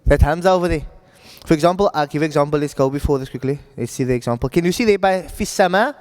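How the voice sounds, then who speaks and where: A man teaching Quran recitation in a relaxed classroom manner, often pausing to ask "right?" to check that his students follow. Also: fairly high pitch. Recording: echoey classroom audio.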